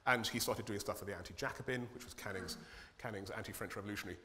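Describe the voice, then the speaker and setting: A man's voice: on the low side, very fast, pushed and bright, slight background noise. A man giving a humorous, irreverent conference talk, swearing freely with dry comic timing. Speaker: conference speaker, cartoonist. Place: conference hall. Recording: long hall reverb.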